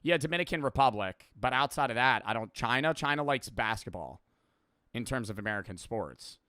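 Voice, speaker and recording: Young streamer dude rambling and swearing, bright crisp voice, dry close sound. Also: male voice, medium pitch, animated, fairly quick, dry recording. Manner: rambling, profane, offhand. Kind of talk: casual reaction chat.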